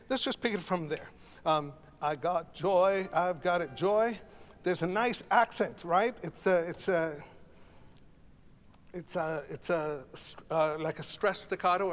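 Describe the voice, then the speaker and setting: An older man leading a choir rehearsal as conductor, animated, demonstrating phrases by singing them. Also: a little high, long reverb tail. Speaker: choral conductor. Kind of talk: choral masterclass rehearsal.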